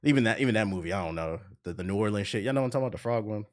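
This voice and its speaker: A man's voice: lowish voice, lively intonation, rapid-fire. A young man streamer ranting in casual, profane commentary, now and then mocking voices.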